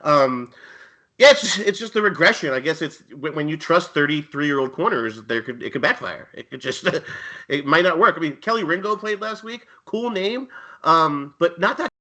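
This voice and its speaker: A wry man co-hosts a casual sports betting chat, joking his way through wandering sentences. His voice is bright and forward, pitched a little high. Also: animated, moderate pace, poor audio. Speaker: podcast co-host.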